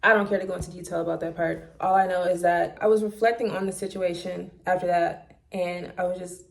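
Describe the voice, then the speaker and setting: A woman's voice: fairly low pitch, steady tone, brisk, creaky. A woman vlogger telling a personal story in a casual monologue, candid and blunt, swearing freely, recorded on a phone.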